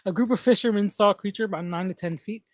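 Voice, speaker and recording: A man's voice: sits high, fast, no echo. A man hosting a casual tabletop gaming podcast, reading monster lore aloud and stumbling over place names. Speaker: podcast host.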